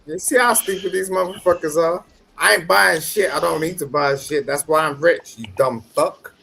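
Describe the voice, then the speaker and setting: A man's voice: on the high side, normal speed, gravelly, sharp tone, a little hiss or hum, rough recording. A drunk man boasting and trading insults in a heated livestream argument, with slurred, combative speech.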